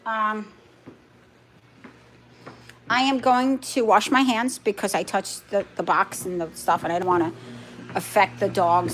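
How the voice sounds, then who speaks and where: A woman's voice: mid-range voice, steady tone, a little slow, pauses often, faint music behind. Chatty woman hosting a live stream. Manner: chatty, talks to viewers and her dogs; firm and defensive when answering comments. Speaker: livestream host. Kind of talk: casual live chat.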